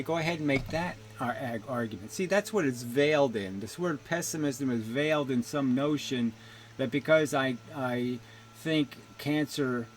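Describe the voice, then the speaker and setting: A man's voice: mid-range voice, a little hiss or hum. A man giving a ranting video commentary, abrasive and mocking, swearing and scoffing with short laughs.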